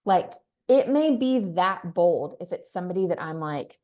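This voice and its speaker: A woman's voice: fairly low pitch, lively intonation, moderate pace, hardly any pauses, a little mellow. Chatty woman from Texas coaching a team. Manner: chatty, upbeat, acts out sample scripts. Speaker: team leader. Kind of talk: training talk.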